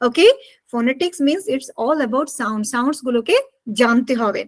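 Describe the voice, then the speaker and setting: A woman with a Bengali accent teaches spoken English in an online class, blending English and Bengali and quizzing her students. Her high voice races along with lively intonation.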